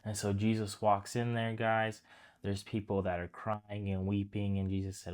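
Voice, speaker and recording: A man's voice: on the low side, level tone, normal speed, a little mellow, smooth. A man giving a casual, conversational sermon, retelling a story and talking straight to his listeners. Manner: conversational, addresses listeners as guys, restarts phrases. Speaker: preacher.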